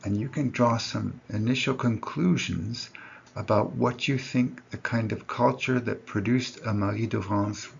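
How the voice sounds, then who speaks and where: A man's voice: on the low side, a little slow, creaky, highs cut off, a little hiss or hum. A man giving a recorded lecture to his students, explaining step by step and correcting himself as he goes.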